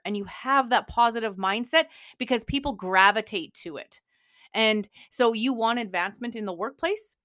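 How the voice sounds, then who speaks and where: A woman gives a motivational podcast talk in an emphatic, coaching manner. Her voice sits at a middle pitch and sounds dry and close, with no room echo. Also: a bit bright. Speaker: podcast host.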